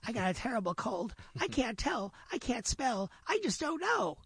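A whiny, stuffy-nosed little rabbit. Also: male voice, sing-song, moderate pace, creaky, fairly bright tone, slightly rough, no echo, exaggerated voice. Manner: high, whiny, nasal pleading.

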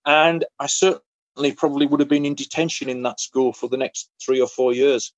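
Man telling a lively story. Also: medium pitch, fairly quick, dry recording, highs cut off. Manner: lively, acts out other people's lines in voices. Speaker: interview guest. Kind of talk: casual storytelling.

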